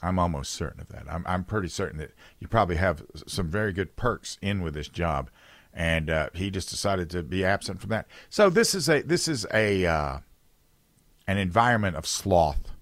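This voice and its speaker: A deep-voiced man hosts a talk radio show, speaking in a dry, close studio sound. His pitch swings widely as he jumps from loud, punchy bursts to quiet, low asides. He restarts his sentences often. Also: lively intonation, normal speed, no room sound. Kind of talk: political talk radio monologue.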